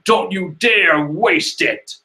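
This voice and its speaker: A man plays a rude, gruff hero who snaps out orders and sarcastic asides. The voice is bright and forceful, and the room is echoey. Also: high voice, slow, pitched above the performer's own voice, heavily acted. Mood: brusque.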